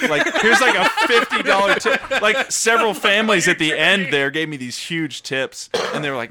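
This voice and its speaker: A young man telling a wild story in casual chat, animated and profane, often laughing. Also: a little high, brisk, hardly any pauses, background noise.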